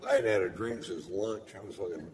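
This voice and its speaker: A middle-aged man, telling a profane, deadpan story in stand-up, on a live stage with a handheld mic. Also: low-pitched, a little fast, background noise. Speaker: stand-up comedian.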